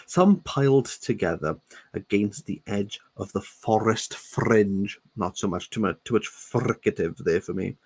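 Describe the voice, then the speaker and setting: Reading a novel aloud a little slowly, a Welsh man in his thirties uses a lowish, slightly rough, slightly mellow voice with animated delivery. The book channel host jokes about the story along the way and playfully repeats words he relishes.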